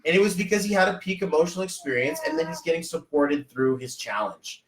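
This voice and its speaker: A man hosting a podcast, chatting casually and motivationally, telling rambling, animated stories full of fillers. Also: on the high side, quick pace, roomy sound, low-quality recording. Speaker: podcast host.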